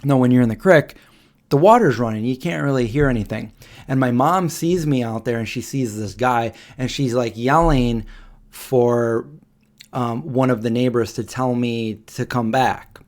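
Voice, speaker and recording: A man in his forties hosts a casual late-night live stream, telling a story at an unhurried, halting pace. He circles back, restarts phrases and fills pauses with ums, in a plain mid-range voice. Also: medium pitch, darkish tone. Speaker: livestream host.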